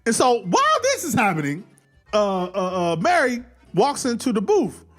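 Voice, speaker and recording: Lively high-voiced man recapping a movie. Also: moderate pace, soft background music. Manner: animated, profane, acts out scenes. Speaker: film reviewer. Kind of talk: casual movie recap commentary.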